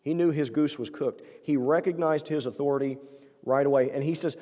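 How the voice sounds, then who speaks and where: A man preaches in a church sanctuary, his fairly high voice soft and mellow. He talks earnestly and conversationally, tossing rhetorical questions to the congregation, and his words trail off into a long church-hall reverb. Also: fairly even intonation, brisk, highs cut off. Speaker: pastor. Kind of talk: sermon.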